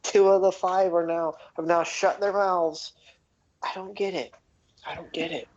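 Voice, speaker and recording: A man's voice: fairly even intonation, a little slow, a little mellow. A man voicing a weary male gnome leader who sighs and rambles in a raised voice, on a dull lo-fi recording. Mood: troubled, musing. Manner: sighing, raised pitch, rambling. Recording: dull lo-fi audio.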